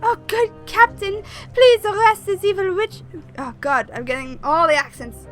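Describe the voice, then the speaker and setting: A woman voicing a hysterical peasant woman who wails and accuses in a tearful, shrill voice. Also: normal speed, fairly bright tone, faint music behind. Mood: pleading.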